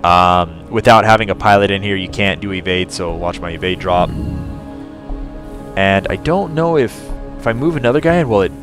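A man giving casual let's play commentary, chatting to his crew and breaking into excited outbursts. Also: low voice, normal speed. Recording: game music behind voice.

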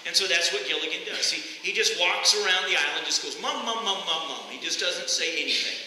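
A man with a high, very bright voice gives a storytelling sermon, often restarting his sentences. He speaks in a church, and the sound rings with heavy echo and a long reverb. A faint hiss sits under the voice. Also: quick pace. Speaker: pastor. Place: church sanctuary.

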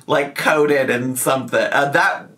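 A man's voice: medium pitch, fairly even intonation, measured pace, sharp tone. A man hosting a reaction commentary, teasing and sarcastic, often laughing at what he watches. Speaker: commentary host.

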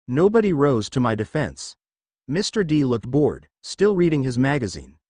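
Lively male storyteller, dry close sound. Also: medium pitch, moderate pace, husky, no room sound. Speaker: narrator. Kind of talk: reading a fan fiction story aloud.

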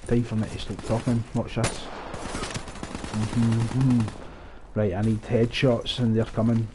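A man giving live, profane, rambling commentary over his own gameplay, breaking into excited outbursts. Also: medium pitch, a little slow, background noise. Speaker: gaming channel host.

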